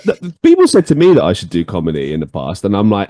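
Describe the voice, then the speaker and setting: Lively, swearing man telling stories. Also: on the low side, quick pace, few pauses, dry recording, clean studio sound. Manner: animated storyteller, swears freely, laughs often. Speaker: podcast host. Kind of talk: casual chat.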